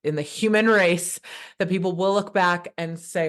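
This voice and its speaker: This podcast guest, a woman in her thirties, speaks passionately and with great energy in a casual exchange, rambling and frequently restarting what she's saying. Her voice is fairly low and her pace moderate.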